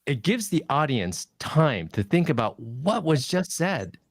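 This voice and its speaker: A man's voice: measured pace, no room sound, studio quality. A man giving a webinar talk on public speaking, with an emphatic coaching manner. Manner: coaching, emphatic, lively shifts in pitch. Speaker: guest presenter on public speaking. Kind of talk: webinar presentation.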